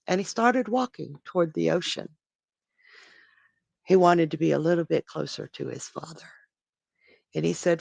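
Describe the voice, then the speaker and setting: A storyteller on a live stream, narrating a myth dramatically, with pauses and restarts. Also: medium pitch, creaky, dry recording.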